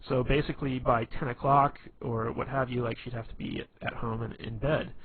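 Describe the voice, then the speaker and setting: A man's voice: medium pitch, steady tone, normal speed, slightly rough. A man giving casual instructional advice in a rambling way, with many fillers and restarts. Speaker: dating advice talker. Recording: tinny phone-like audio with faint hiss.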